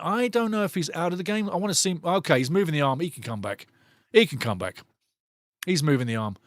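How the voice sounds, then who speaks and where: A middle-aged man giving energetic live watch-along football commentary, chatty and jumping between play-by-play and personal stories. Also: on the high side, no echo, studio quality.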